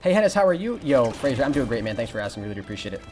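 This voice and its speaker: Fast-talking young man streaming a game. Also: mid-range voice. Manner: fast, excitable, reads chat aloud and greets viewers. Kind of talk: live gameplay commentary. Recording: music playing behind.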